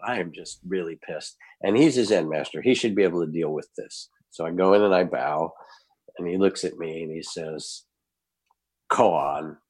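An older man, a guest, telling a personal anecdote in an animated way and acting out the scenes. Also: deep voice. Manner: animated storyteller, acts out scenes. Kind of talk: anecdotal storytelling.

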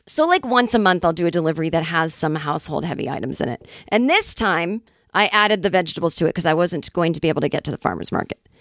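A woman in her forties hosting a comedy podcast, telling a casual monologue in a chatty, wry way with quick acted-out asides. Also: on the low side, expressive, no echo, clean studio sound. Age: 40s. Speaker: podcast host.

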